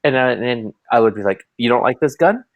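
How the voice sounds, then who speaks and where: A man in his thirties chats on a podcast in a relaxed, unscripted way. His voice sits in a middle register but rises and falls a lot as he acts out what people said. The sound is dry and close, with no room echo. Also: medium pitch, brisk, dull audio. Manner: animated storyteller, acts out voices in quotes. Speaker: podcast co-host. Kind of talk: casual chat.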